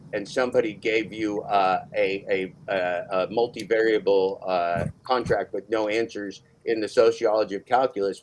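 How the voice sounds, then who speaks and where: Loud badgering man hosting a stream. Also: fairly low pitch, a little hiss or hum. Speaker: livestream host. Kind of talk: mock-serious livestream interrogation.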